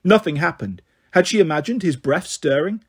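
A man narrating a novel aloud in a steady, expressive reading. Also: a little high, normal speed, husky. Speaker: audiobook reader. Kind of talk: storybook narration.

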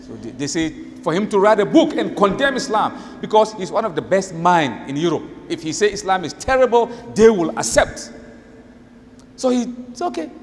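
A high-pitched man preaches in a lively, sing-song way, acting out the voices in his story. His voice carries a long echo through a large hall. There is a faint hiss of noise underneath. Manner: animated storytelling, acts out quotes. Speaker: Islamic preacher. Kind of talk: lively sermon.

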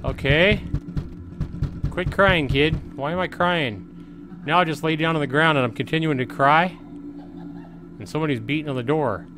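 This gaming channel host, a middle-aged man, has a fairly high voice and speaks at normal speed with long pauses while music plays behind him. He keeps up casual, chatty let's-play commentary at home and reads the on-screen prompts aloud.

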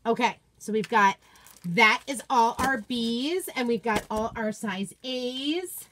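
An enthusiastic woman hosts a casual unboxing chat from her home office. She gushes over each item and answers her viewers in a chatty, excited way. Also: fairly high pitch, slow pace, slight background noise. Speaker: craft product seller and video host.

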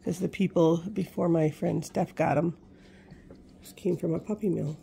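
A woman's voice: lowish voice, steady tone, moderate pace, creaky, dark tone, slight background noise. A woman vlogging as a pet owner, chatting casually to her puppy in gushing baby talk.

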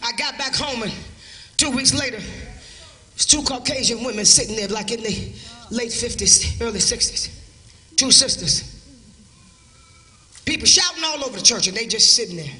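A woman preacher delivering a fervent live revival sermon in a church, often shouting in a colloquial preaching rhythm. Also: a little high, expressive, normal speed, pauses often, far from the mic. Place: church service.

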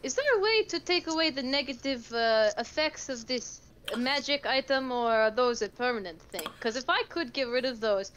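A woman's voice: high voice, animated, normal speed, fairly bright tone, dull audio, a little hiss or hum. Eager woman player, rambling in character. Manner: eager, rambling, restarts often. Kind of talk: tabletop role-play in character.

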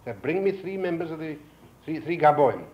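An older man lecturing to an audience, telling a folk tale with lively character voices, on an old 1950s lecture recording. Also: fairly quick, highs cut off, a little hiss or hum. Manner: animated storyteller, voicing characters with rising pitch. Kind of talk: storytelling lecture. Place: lecture hall.

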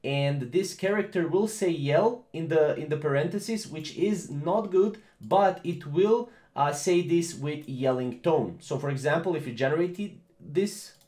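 A man's voice: fairly high pitch, a little slow, hardly any pauses, darkish tone, reverberant. A man hosting a casual tech tutorial, rambling with many fillers and repeated phrases. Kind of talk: casual screen-recorded tutorial.

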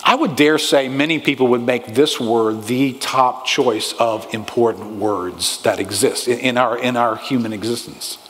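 Preaching in a church sanctuary, a male pastor uses a mid-range, fairly bright voice, unhurried yet with hardly any pauses. He speaks emphatically with a rising delivery and often asks the congregation questions, all carried on long hall reverb.

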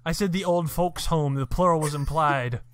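A man's voice: fairly high pitch, normal speed, smooth, no echo. A man co-hosting a casual podcast chat, telling stories in a wry, teasing way. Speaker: podcast co-host.

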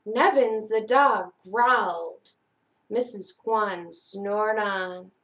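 A woman reading a children's picture book aloud at library storytime, expressive and dropping softer for suspense. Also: medium pitch, very slow. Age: adult.

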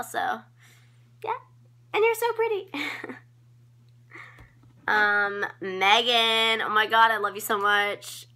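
A teenage girl chats into her phone camera in an unhurried, drawn-out way, filling her talk with ums, likes and giggles. Her voice is bright and a little tense. She gushes over friends in a casual shout-out vlog. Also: medium pitch. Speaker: vlogger.

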